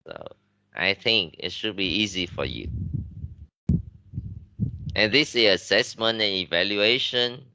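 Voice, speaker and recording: Low, bright-voiced Vietnamese man teaching. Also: animated, slow pace, creaky, pauses often, dry recording, lo-fi sound. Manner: switches between English and Vietnamese, many fillers and restarts. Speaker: English teacher. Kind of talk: classroom lecture.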